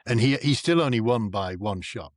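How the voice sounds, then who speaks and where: A man from North East England, a comedian and actor chatting as a guest and acting out the people in his stories with big leaps in pitch. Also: moderate pace, dry recording, studio quality. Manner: animated storyteller who acts out quoted people with big pitch jumps. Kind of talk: casual chat.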